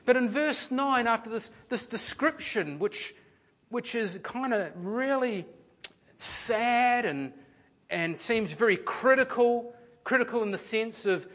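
Earnest man preaching, fairly high voice. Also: fairly bright tone, muffled recording. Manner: earnest, rises and falls for emphasis, repeats words. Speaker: pastor. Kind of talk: sermon.

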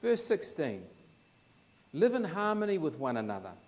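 New Zealand preacher, lo-fi sound. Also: male voice, a little high, wildly swooping pitch, moderate pace. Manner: conversational, anecdotal, emphatic swells then soft. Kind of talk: sermon.

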